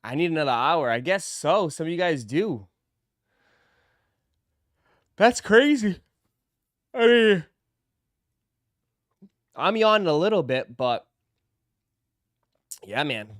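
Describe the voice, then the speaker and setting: Man, casual live stream host, laid-back slangy chat, slow talker, smooth voice. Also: on the high side, very animated, a bit bright, dry recording, studio quality.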